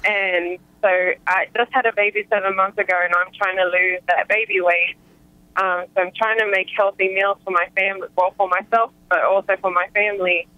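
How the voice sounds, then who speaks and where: A woman's voice: medium pitch, fairly even intonation, brisk, dry recording. A young adult woman calling in to an advice show, speaking hesitantly with many fillers. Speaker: caller. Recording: muffled phone line.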